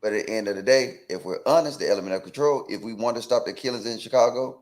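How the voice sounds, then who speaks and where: A man from Atlanta co-hosts a call-in talk show and argues his point in a lively way. He keeps pressing with rhetorical questions and often stammers and restarts his sentences. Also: medium pitch, fast. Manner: animated, asks pointed questions, repeats "right?". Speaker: co-host.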